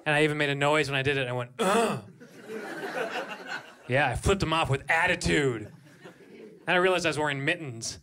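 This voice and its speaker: A man in his thirties doing a stand-up comedy set on a club stage, breaking into shouted high voices for his bits. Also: fast, a crowd in the background.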